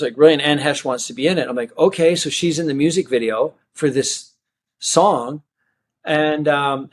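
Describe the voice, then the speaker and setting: A man's voice: fairly high pitch, slight background noise. A man, a magician, telling a long personal story in a casual interview and acting out the people he quotes. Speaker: magician and guest.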